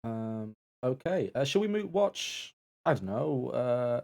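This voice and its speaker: A man co-hosting a live charity stream, chatting casually and reading out donations. His voice carries a gravelly, fry-laden texture. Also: medium pitch, very animated, slow, a little mellow. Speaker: stream co-host and assistant.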